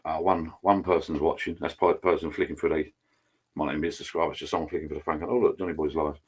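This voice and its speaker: Rambling middle-aged man, very deep. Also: flat delivery, rapid-fire, husky. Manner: rambling, chatty, greets viewers by name. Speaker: channel host. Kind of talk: casual live-stream chat. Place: home garden bar. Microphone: laptop.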